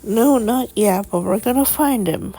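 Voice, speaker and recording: A woman voicing a calm, motherly figure who reassures and soothes. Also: fairly high pitch, a little slow, breathy edge, low-quality recording. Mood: reassuring.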